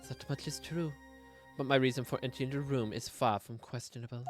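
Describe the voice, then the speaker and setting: A man's voice: medium pitch, steady tone, a little fast, lightly acted. A man voicing a formal, defensive woman official in a game, with game music behind. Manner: stiff, formal phrasing. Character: prim, defensive female official.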